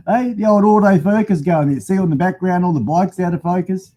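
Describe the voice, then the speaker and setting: A man's voice: high voice, moderate pace, mellow. Field: rambling Australian man streaming live. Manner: rambling, chatty, mildly swearing, laughs often. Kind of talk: casual live-stream chat. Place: home garage with motorbikes. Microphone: phone used as webcam.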